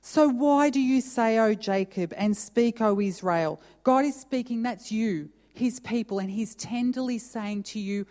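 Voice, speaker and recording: A woman's voice: fairly high pitch, a little mellow. Woman preaching in a reverberant hall. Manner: reads scripture aloud with emphatic pauses, then talks it through. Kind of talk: sermon.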